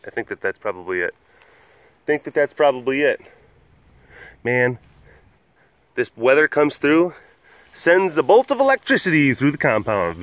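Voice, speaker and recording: A man's voice: medium pitch, animated, measured pace, long pauses, no echo. A man hosting a casual, rambling talk, chuckling often and restarting his sentences. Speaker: host. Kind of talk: casual rambling podcast chat. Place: animal compound.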